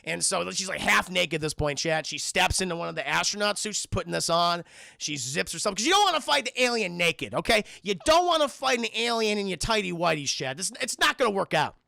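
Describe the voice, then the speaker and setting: A man gives a profane, animated film recap to his stream chat, in a high, bright voice. He has a heavy gravelly fry, and the recording is dry and close. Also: brisk, no echo.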